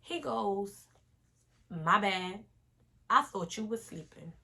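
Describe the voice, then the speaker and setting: A young woman, telling an animated casual storytime vlog straight to her viewers. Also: mid-range voice, slow, gravelly.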